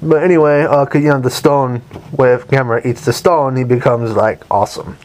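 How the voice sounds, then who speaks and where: A man's voice: medium pitch, fairly even intonation, a little fast, darkish tone. Young man, casual movie review, rambling, enthusiastic, swears freely.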